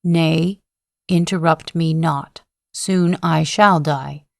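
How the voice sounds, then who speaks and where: A woman reading a proud male general who declaims his defiance in long, solemn oaths, voiced slowly in a lowish register. The delivery is dry and close, with no room sound, as befits a sleep-story audiobook. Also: vocal fry, dry recording, full character voice. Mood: impassioned. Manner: declamatory, impassioned oratory at a slow, even reading pace.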